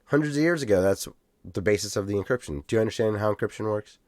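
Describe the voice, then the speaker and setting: A man co-hosting a podcast in casual chat, animated and rambling, swearing now and then. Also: lowish voice, fast, dry recording, clean studio sound. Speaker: podcast co-host.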